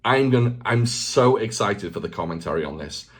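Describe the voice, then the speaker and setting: Husky, animated man in his forties. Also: lowish voice, moderate pace. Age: 40s. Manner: self-mocking, ranting, swears freely; repeats phrases for emphasis. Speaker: channel host. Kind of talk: casual unscripted vlog talk.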